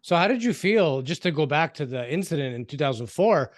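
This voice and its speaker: A man's voice: on the high side, brisk, no echo. Supportive male podcast host, dry sound. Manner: relaxed, supportive, says "you know" and "like". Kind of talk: interview questions.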